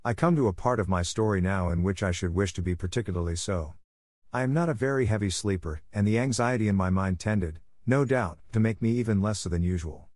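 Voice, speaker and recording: Low-voiced male audiobook narrator. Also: brisk, darkish tone, no room sound, clean studio sound. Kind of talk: first-person audiobook narration.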